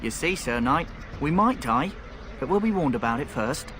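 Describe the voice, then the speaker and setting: A man's voice: on the high side, animated, normal speed, lightly acted. A man voicing a wry game companion. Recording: game audio under noise.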